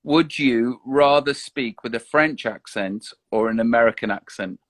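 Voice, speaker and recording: A man chats casually on a live online stream. He hesitates and restarts his sentences often. His voice sits at a middling pitch, and the sound is dry and close. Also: a little slow, dry recording. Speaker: guest. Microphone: online live video call.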